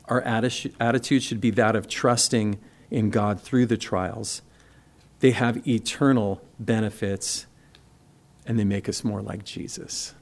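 A man preaching a sermon in a conversational way, asking rhetorical questions and slowing down to stress the scripture he quotes. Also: fairly low pitch, steady tone. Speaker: pastor.

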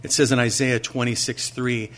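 A man's voice: mid-range voice, flat delivery, fairly bright tone, slight background noise. Earnest male pastor preaching. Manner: conversational preaching full of rhetorical questions; earnest, slows down to stress key phrases. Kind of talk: sermon.

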